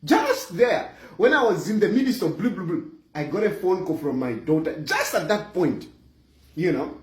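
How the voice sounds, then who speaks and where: A middle-aged Zambian man with a Zambian accent telling a comic personal story, animated and chuckling, with lots of fillers. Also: high voice, normal speed. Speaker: vlogger. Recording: roomy echo.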